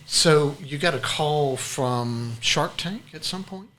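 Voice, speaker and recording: A man's voice: fairly high pitch, takes it slowly, fairly bright tone. A man hosting an interview podcast who answers with short affirmations and explains business points. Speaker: podcast host.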